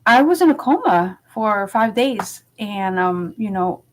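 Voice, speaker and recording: A woman's voice: medium pitch, lively intonation, a little slow, poor audio. Chatty woman telling a personal story. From Los Angeles, United States. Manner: chatty and candid, with many fillers and frequent laughs. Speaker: vlogger.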